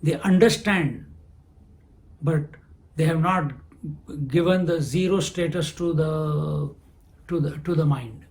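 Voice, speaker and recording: A man giving a spiritual discourse, unhurried, who asks questions and answers them himself. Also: a little high, gravelly, darkish tone. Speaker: spiritual teacher.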